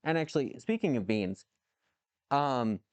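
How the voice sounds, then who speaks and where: Man, live-stream chat, rambling, cusses, answers viewers, dry close mic, medium pitch. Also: lively intonation, unhurried, clean tone, no room sound. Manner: rambling, swears, reacts to chat messages. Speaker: livestreamer answering chat while machining. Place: home workshop with a lathe.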